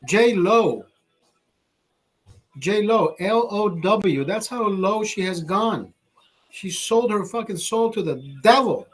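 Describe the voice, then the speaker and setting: A man's voice: high-pitched, animated, takes it slowly. A man hosting a live stream, ranting in a rambling, profane way with laughing asides. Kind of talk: livestream rant.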